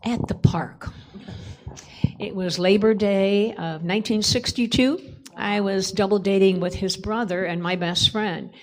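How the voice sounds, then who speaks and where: A woman's voice: medium pitch, measured pace. An older woman on a church conference panel, telling a personal story in a chatty way and laughing often.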